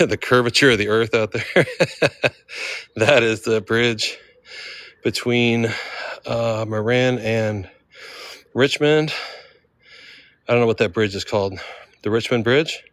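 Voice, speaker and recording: Out of breath on steep outdoor city streets, this man keeps up his laid-back, slangy walking livestream from a handheld phone, repeatedly addressing viewers as dude. He has a mid-range voice that's creaky and a bit bright.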